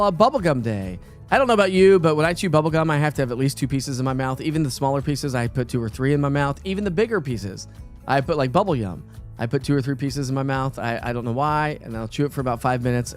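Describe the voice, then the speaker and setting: A middle-aged man, hosting a casual morning weather show in a chatty, rambling way with lots of fillers. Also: medium pitch. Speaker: TV weather forecaster.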